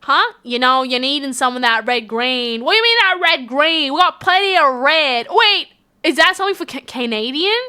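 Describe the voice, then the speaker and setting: A woman with an Australian accent, chatting casually on a live stream, reading out chat messages with a giggly, animated manner. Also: high-pitched, normal speed.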